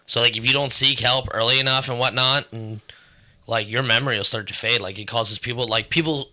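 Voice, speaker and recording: A man's voice: medium pitch, expressive, moderate pace, sharp tone. A man co-hosting a casual podcast, telling stories in a rambling way with lots of fillers and swearing. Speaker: podcast co-host.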